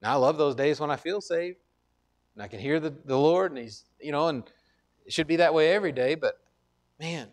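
A man's voice: on the high side, a little fast, long pauses. Earnest man preaching a conversational sermon. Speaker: pastor. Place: church.

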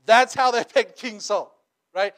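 With a very high voice and a slightly slow delivery, a male pastor preaches conversationally, punctuating his sermon with "right?" and telling animated, humorous stories.

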